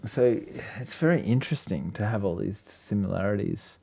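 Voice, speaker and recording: A man co-hosting a casual podcast, speaking in a lowish register. His talk meanders with plenty of fillers and quick laughs. The sound is dry and close, with no room around it. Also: expressive, vocal fry, mellow, no echo. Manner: rambling, laughs often, many fillers. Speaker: podcast co-host. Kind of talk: casual chat.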